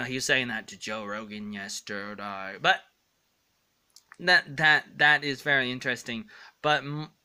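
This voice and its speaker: Rambling man with a bright, clear voice. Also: mid-range voice. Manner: rambling, stumbling over words, earnest. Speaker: vlogger. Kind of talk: rambling casual vlog monologue.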